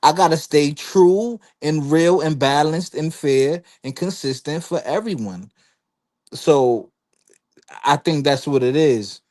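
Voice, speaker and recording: A man's voice: a little high, slow, a little mellow. A man on a casual podcast panel, rambling through long explanations and slipping into quoted voices. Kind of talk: casual chat.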